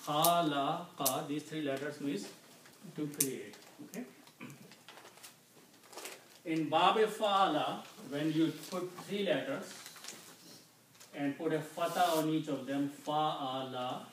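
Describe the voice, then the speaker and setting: A man teaching Quranic Arabic vocabulary, explaining each word slowly and patiently, often checking in with "Okay?". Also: fairly high pitch. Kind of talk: slow explanatory lesson. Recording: echoey room, mic at a distance, faint noise.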